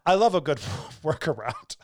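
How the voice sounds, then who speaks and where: A woman's voice: low-pitched, big pitch swings, normal speed, dry recording, clean studio sound. A woman hosting a podcast, chatting loosely, laughing often and swearing freely. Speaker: podcast host. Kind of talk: casual chat.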